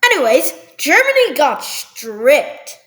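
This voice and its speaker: A woman's voice: sits high, very animated, slow, fairly bright tone, rough recording. A woman narrating a history map video at her computer in a loose, jokey way, full of ums and "they were like". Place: at a computer, recording over a screen.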